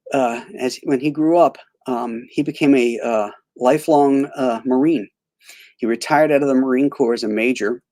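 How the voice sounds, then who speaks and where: A man's voice: mid-range voice, darkish tone, no echo. A man hosting a casual film commentary, rambling with many fillers and restarts. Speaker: host.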